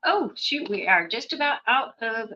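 Woman talk show host, bright and chatty; muffled lo-fi recording. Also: fairly high pitch, animated, normal speed. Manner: chatty, reads listener questions, laughs easily. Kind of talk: casual chat. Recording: dull lo-fi audio.

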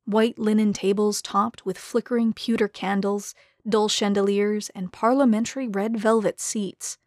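A woman narrating a story in a measured, even way. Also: medium pitch, dry recording, studio quality. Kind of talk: scripted narration.

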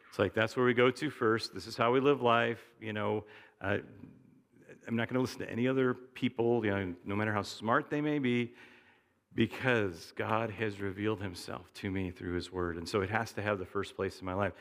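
A man's voice: fairly low pitch, a bit bright, long reverb tail. A middle-aged man preaching a sermon in a conversational, storytelling way. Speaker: pastor. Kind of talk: sermon with anecdotes.

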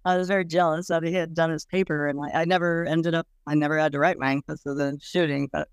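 Woman, interviewee, candid, casual, blunt, smooth clear voice, dry close sound. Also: low voice, fairly even intonation, fast talker, dry recording. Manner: frank, casual, many "like"s, swears bluntly. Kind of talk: candid personal recollection.

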